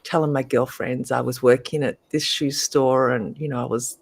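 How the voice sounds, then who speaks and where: A middle-aged woman, a guest, telling a story in a lively, animated way and laughing often. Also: a bass voice, moderate pace, gravelly, slightly rough. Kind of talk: casual storytelling.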